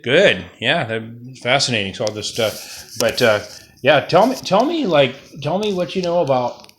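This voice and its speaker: A man interviewing relatives about his family history, casual and halting, with many fillers and restarts. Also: medium pitch, expressive, a bit bright, echoey room, slight background noise.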